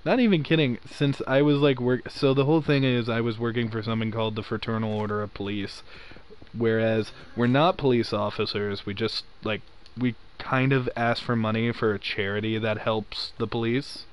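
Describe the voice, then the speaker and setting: A man's voice: mid-range voice, steady tone, moderate pace, clean tone. A young man with a slight Southern accent hosting a casual chat, joking around and laughing often. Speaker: podcast host. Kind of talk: casual chat while gaming.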